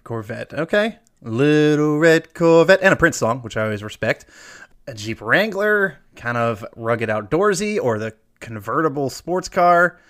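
A man hosting a trivia game, reading questions aloud and drawing out the verdicts. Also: medium pitch. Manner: lively, drawn-out emphasis on answers. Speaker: quiz host.

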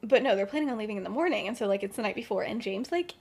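Young female podcaster, slightly high voice, loose and chatty storyteller. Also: quick pace, hardly any pauses, husky. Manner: chatty, full of "like" and "um", laughs often. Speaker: podcast co-host. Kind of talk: casual fan-fiction storytelling.

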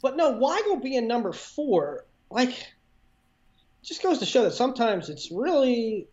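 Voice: medium pitch, very animated, measured pace, a little mellow, highs cut off. A podcast co-host talking over a call on earbuds, chatty and questioning in casual sports banter. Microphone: earbuds over a remote call.

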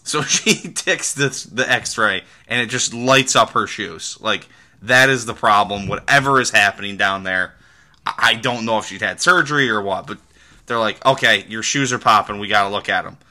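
Bright-voiced man rambling casually. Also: lowish voice, normal speed. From Midwest United States. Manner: rambling storyteller with frequent fillers and restarts. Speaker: podcast host. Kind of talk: casual solo podcast talk.

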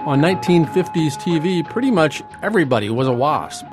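An American man narrating a documentary in a measured, reflective tone. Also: on the high side, expressive. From United States. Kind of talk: scripted narration. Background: music.

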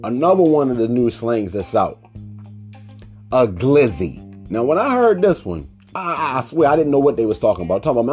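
A man's voice: medium pitch, very animated, moderate pace, a little mellow, faint music behind. A man from Baltimore, Maryland hosting a solo podcast. He tells stories animatedly, acts out the people he quotes, and rants with mock indignation. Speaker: podcast host.

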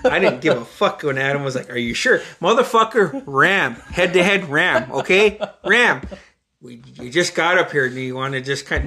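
A man hosting a casual podcast, telling a childhood story with animated, profane retellings and acted quotes. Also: fairly high pitch, normal speed. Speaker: podcast host.

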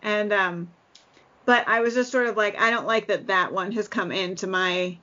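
Relaxed chatty woman, lo-fi. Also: mid-range voice, normal speed. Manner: relaxed, chatty, many fillers. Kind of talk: casual chat. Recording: dull lo-fi sound.

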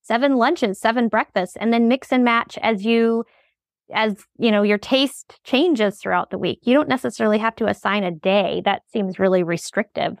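Higher-voiced woman chatting, dry sound. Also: normal speed, vocal fry, no echo. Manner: practical, summing up the talk. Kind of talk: casual chat.

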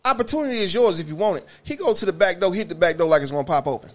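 A man's voice: high voice, very fast. A man, a bus driver telling profane stories on a casual podcast and acting out the quotes. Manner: animated, profane, acts out quotes.

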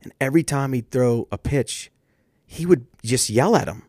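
A podcast co-host shares coaching stories in casual conversation, often restarting his thoughts carefully. His medium-pitched voice has a darkish tone and lively intonation at normal speed, captured in a dry, clean studio recording.

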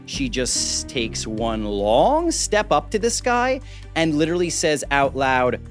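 A man narrating a tabletop game as game master, playful and animated. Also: medium pitch, takes it slowly, faint music behind.

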